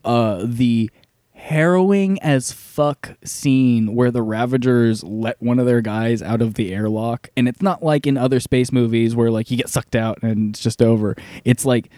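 A man chatting casually on a podcast, animated and quick to swear, laughing as he retells scenes. His voice sits at an ordinary middle pitch. It is close and dry, with no room sound. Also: no echo. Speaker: podcast co-host. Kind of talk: casual chat.

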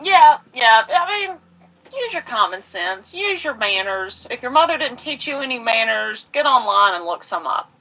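A woman from the American South, co-hosting a podcast in casual chat, lively and quick to laugh. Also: fairly high pitch, breathy edge. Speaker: podcast co-host. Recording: dull, muffled audio.

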